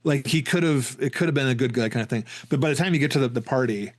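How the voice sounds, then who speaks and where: Halting man on a dry podcast mic. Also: medium pitch, dry recording. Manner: halting, stumbles and repeats words. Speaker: podcast co-host. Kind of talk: casual film discussion.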